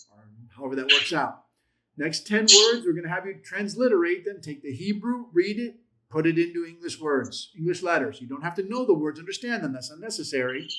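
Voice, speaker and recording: A man's voice: on the high side, fairly bright tone. A man teaching a Bible class in a methodical way, listing terms, repeating points and asking rhetorical questions.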